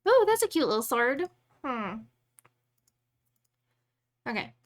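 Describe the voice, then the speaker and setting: A woman's voice: on the high side, sing-song, slow pace. A woman chatting casually on a live stream, rambling and thinking aloud as she works.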